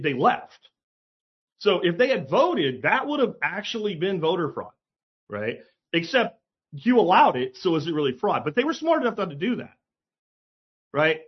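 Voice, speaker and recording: A man delivers a blunt, sarcastic opinion monologue, peppered with profanity and emphatic asides. His voice sits a little high and sounds husky. The recording is slightly dull and lo-fi. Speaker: commentary host.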